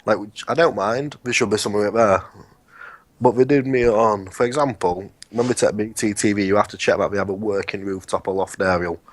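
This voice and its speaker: A man with a lowish voice co-hosts a casual podcast chat, telling workplace stories bluntly and with plenty of swearing. The sound is dry and close, with no room around it. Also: fairly quick, dry recording. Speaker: podcast co-host.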